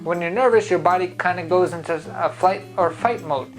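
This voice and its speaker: A man's voice: sits high, fairly quick, low-quality recording. Man, driving school founder, motivational talk, upbeat, speaks directly to viewers, faint music behind.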